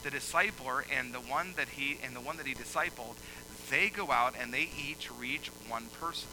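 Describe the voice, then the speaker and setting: A male pastor preaching a sermon, moving from quiet explaining to loud, emphatic preaching. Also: mid-range voice, moderate pace, noisy background.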